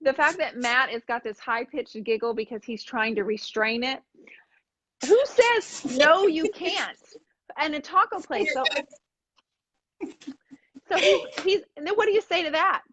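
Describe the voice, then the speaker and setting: A woman co-hosting a live DIY painting show, telling a funny story with animated acted-out voices. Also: high-pitched, moderate pace, long pauses. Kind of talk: casual chat while painting furniture.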